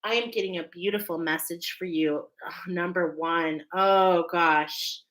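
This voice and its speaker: A woman's voice: lowish voice, fairly even intonation, a little slow, a bit bright, poor audio. A woman leading a live oracle card reading, emotional and preacher-like, constantly checking in with her listeners. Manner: emphatic, checks in with "okay?" constantly. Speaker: spiritual card reader.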